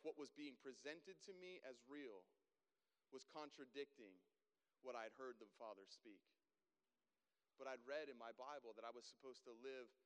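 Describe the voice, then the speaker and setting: Animated male storyteller in a reverberant hall. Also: mid-range voice, smooth. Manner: animated storyteller, acts out dialogue. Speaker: guest speaker. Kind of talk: storytelling testimony talk. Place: large hall with long reverb.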